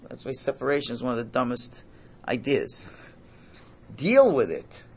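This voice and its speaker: A male rabbi gives an informal religious talk in a mid-pitched voice. His pitch rises and falls widely, and he often repeats phrases. He breaks into loud, near-shouted emphasis. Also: unhurried, creaky, husky. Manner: animated, repetitive, bursts into near-shouting for emphasis.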